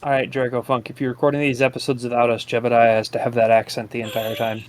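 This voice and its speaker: A man's voice: mid-range voice, completely flat delivery, fast talker, dry recording. A man making dry wisecracks in casual chat while friends play a space game. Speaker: gaming commentator.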